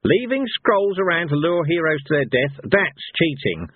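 A man's voice: on the high side, big pitch swings, normal speed, slightly rough, dry recording, pitched above the performer's own voice. A man doing a raging old barbarian hero. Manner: growling, snapping, shouting in rage. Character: old barbarian hero, gruff and hot-tempered. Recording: tinny phone-like sound.

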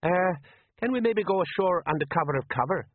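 A man's voice: high voice, animated, fairly quick, dry recording, pitched above the performer's own voice. Man doing a nervous rambling old sergeant. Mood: anxious. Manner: anxious, rambling, common-sounding. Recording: dry, tinny phone-like sound.

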